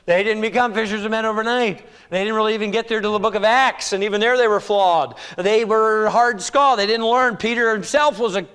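A man preaching an animated sermon, his voice rising to exclamations and then dropping to a hush. His voice is fairly high for a man. The sound rings with long reverb from a large church hall. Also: fairly quick, few pauses, clean tone. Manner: animated, exclamatory, swings between loud and hushed. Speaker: pastor.

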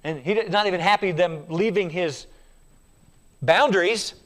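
A man's voice: sits high, measured pace, a bit bright. A man preaching a sermon, emphatic and repetitive, putting questions to his congregation.

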